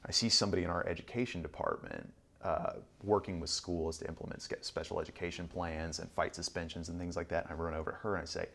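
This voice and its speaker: A man in his thirties telling stories in a relaxed interview, rambling, with frequent ums and restarts. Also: sits low, fast, vocal fry. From Southern Illinois. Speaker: guest. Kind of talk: conversational podcast interview.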